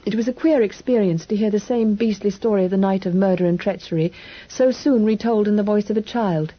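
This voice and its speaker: A woman narrating an audiobook in the first person in an even, measured storytelling manner. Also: mid-range voice, dull audio.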